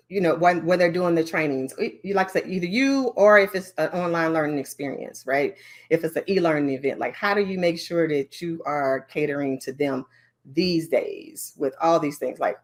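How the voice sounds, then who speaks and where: Woman presenter, lower voice, lively and chatty, lots of fillers, conference training session. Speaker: learning design presenter.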